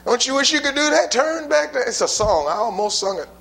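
A preacher with a notably high voice delivers a sermon to his congregation. He is emphatic and folksy, drives points home with rhetorical questions, and loosens things up with casual asides. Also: big pitch swings, fast, fairly bright tone. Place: church building before a congregation.

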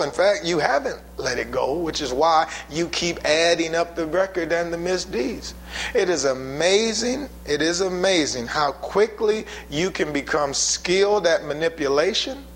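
A man delivering a sermon in a fairly high voice. He builds to loud, emphatic bursts, then drops into low, quiet asides. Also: poor audio. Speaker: pastor.

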